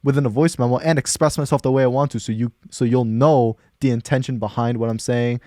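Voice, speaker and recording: A man's voice: mid-range voice, fast talker, no room sound, studio quality. A young man hosting a casual podcast chat, telling stories and acting out what people said. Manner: animated storyteller, acts out quotes. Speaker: podcast host.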